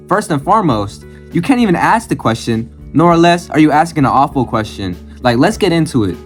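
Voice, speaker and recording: A man's voice: on the high side, sing-song, fairly quick, few pauses, soft background music. A man giving blunt reaction commentary on his own channel, ranting and swearing freely, often repeating phrases in bursts. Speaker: channel host.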